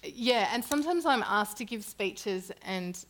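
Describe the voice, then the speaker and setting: A woman's voice: medium pitch, a little slow, slight background noise. A middle-aged woman, an interview guest, telling stories in casual chat and laughing often. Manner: animated storyteller who laughs often. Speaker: journalist.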